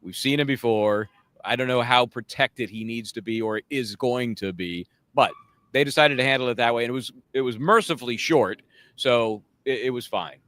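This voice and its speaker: A man's voice: medium pitch, normal speed, no room sound. A man co-hosting a casual chat about a court trial, talking wryly and acting out what others said. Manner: chatty, wry, quotes others in animated voices. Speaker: legal commentator co-host.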